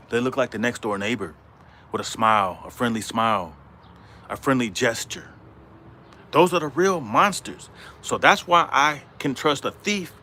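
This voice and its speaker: A middle-aged man hosts a casual livestream from outdoors in middle Georgia, rambling and repeating himself as he greets viewers in the chat. His voice is medium-pitched with a sharp tone.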